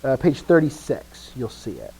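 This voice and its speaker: A man's voice: wildly swooping pitch, moderate pace, vocal fry, husky, rough recording. A man teaching a Greek lesson in a casual, self-correcting way, stopping often to check with the class and punching out stressed words to show emphasis. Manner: acts out emphasis with louder, higher stressed words.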